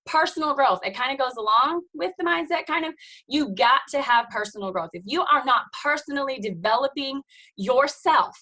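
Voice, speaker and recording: A woman's voice: high voice, lively intonation, moderate pace, sharp tone, rough recording. A woman, likely in her thirties, giving an emphatic, preachy motivational talk to her team on a video call, full of "you guys" and "okay?". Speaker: team leader speaking on a team call.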